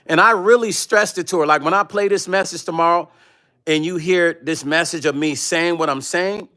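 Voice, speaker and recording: A man's voice: on the high side, moderate pace, sharp tone. A man hosting his own livestream, ranting confrontationally and profanely at a rival, reading chat comments aloud. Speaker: vlog host reading live chat. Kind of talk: heated livestream rant.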